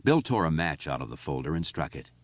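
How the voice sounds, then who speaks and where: Deep-voiced man narrating an audiobook. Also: very animated, fairly quick, dry recording, highs cut off.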